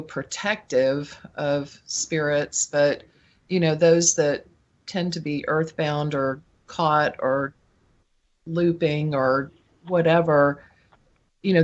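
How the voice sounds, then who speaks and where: A woman hosting an interview show, talking casually and asking long, searching questions that wander as she goes. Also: low-pitched. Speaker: host, medium.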